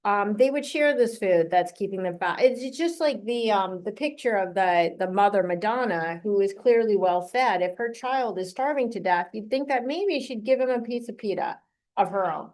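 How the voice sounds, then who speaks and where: A woman's voice: mid-range voice, moderate pace, darkish tone. A woman hosting an interview, engaged and asking pointed questions. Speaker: host. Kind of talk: conversational interview.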